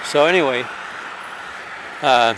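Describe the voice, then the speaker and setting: A man's voice: medium pitch, slow, background noise. A man traveling on horseback, talking outdoors in a rambling, hesitant, wry way for his travel diary. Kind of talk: casual spoken travel diary.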